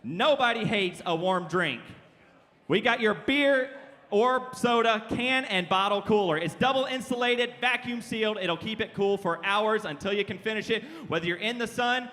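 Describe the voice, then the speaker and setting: A man working as an auctioneer contestant, calling bids in a rapid rhythmic chant on a convention stage. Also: sits high, pushed and bright, in a large hall. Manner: fast rhythmic bid calling. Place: large convention hall stage.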